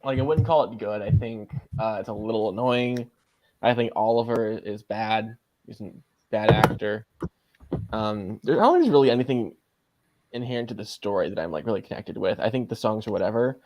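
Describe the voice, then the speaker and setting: A man's voice: on the low side, a little fast, a little mellow, a little hiss or hum. A man who is a guest on a casual podcast, lukewarm and hesitant, with many fillers.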